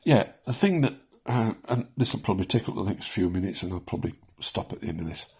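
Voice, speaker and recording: Husky-voiced older man, rambling and chuckling. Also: lowish voice, animated, quick pace, a little mellow. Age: 70s. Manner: rambling, self-deprecating, chuckles often, many ums. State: shaking. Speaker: vlogger sharing his cancer experience. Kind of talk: casual personal vlog.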